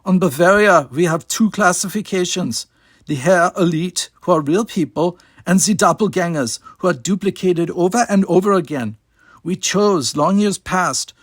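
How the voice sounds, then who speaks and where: A man's voice: high voice, moderate pace, no echo, clean studio sound, pitched above the performer's own voice. Man voicing a cool young woman. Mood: earnest.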